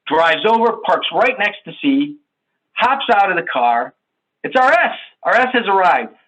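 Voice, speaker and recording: A man giving a sales training talk over a video call, telling a story in an animated, conversational way and checking in with his audience. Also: sits high, unhurried, low-quality recording. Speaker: workshop presenter.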